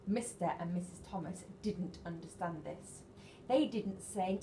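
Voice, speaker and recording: A woman, a nursery teacher reading a picture book to young children in an animated, sing-song way and asking them questions. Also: fairly low pitch, unhurried, a little hiss or hum. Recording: echoey room, faint ambience.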